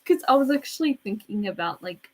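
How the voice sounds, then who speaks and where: A teenage girl chatting casually in a storytime vlog, rambling and dramatic, with quiet asides. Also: medium pitch, animated, fairly quick, poor audio. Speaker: vlogger.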